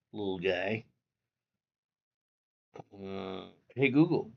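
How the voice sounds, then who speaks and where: Slow, gravelly man on a livestream. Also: medium pitch, a bit bright, lo-fi sound. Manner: blunt, profane, repeats himself and says "bro" a lot. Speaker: live streamer. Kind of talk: casual livestream chat reading viewer comments.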